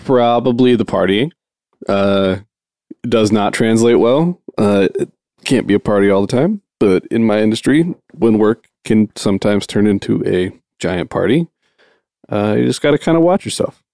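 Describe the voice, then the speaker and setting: Man, podcast co-host, laid-back measured talk, low voice, dry. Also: lively intonation, mellow, no room sound. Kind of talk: casual chat.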